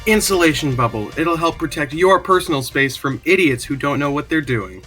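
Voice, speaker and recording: Someone puts on a deep, gruff announcer for a spoof commercial, with a bright edge to the tone. The delivery is curt and dismissive. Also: male voice, animated, moderate pace, faint music behind. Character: deep-voiced male ad announcer.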